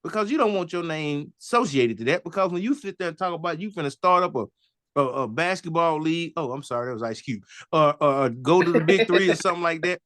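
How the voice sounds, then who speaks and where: Guy on a sports podcast making his case, kinda high voice, laughs at his own jokes, dry close sound. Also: animated, quick pace, fairly bright tone, no echo. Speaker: podcast co-host. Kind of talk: casual sports debate.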